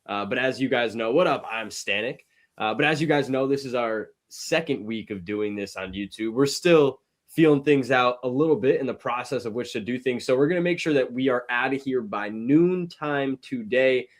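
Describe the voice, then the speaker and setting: A man's voice: medium pitch, moderate pace. A man hosting a live sports betting show, chatting casually and greeting viewers in the chat. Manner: rambling, upbeat, greets chat viewers by name.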